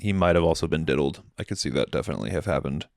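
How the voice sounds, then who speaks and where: A man's voice: extremely low pitch, rapid-fire, gravelly, no echo. A man hosting a comedy podcast, rambling through a casual, profane, sardonic monologue into a close mic. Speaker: podcast host.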